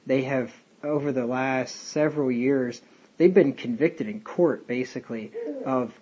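A man's voice: medium pitch, measured pace, dark tone, breathy edge, dull audio. A man leading a casual Bible study, talking in a rambling, conversational way with many fillers and tangents. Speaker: Bible teacher.

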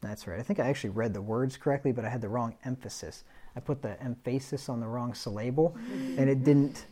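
A man's voice: medium pitch, brisk, mellow. A middle-aged man preaching in a conversational way, reading scripture aloud and chuckling at his own stories. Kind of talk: Bible study sermon.

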